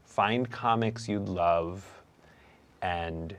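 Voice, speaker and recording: A man's voice: low voice, drawn-out words. A young adult man, a comedian and host, answering interview questions in a reflective, hesitant way with many fillers and restarts.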